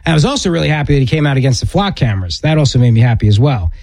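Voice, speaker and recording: Animated, dry-voiced radio host man. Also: medium pitch, no echo. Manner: emphatic, opinionated, quick bursts with restarts. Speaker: radio talk show host. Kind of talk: political talk radio commentary.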